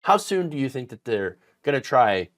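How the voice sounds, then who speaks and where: A man's voice: mid-range voice, big pitch swings, normal speed. A man hosting an online political commentary show, talking in an indignant, emphatic way with frequent fillers and restarts.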